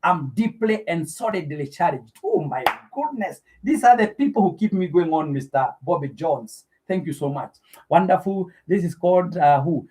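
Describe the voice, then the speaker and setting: A man's voice: fairly high pitch, lively intonation, moderate pace, darkish tone. A middle-aged Kenyan man hosting a live stream, effusively thanking viewers by name and giving preacher-like blessings.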